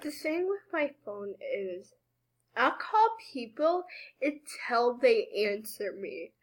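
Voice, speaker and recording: A woman's voice: on the high side, very animated, takes it slowly. A young woman hosting a reaction video, commenting in a casual, incredulous, laughing way.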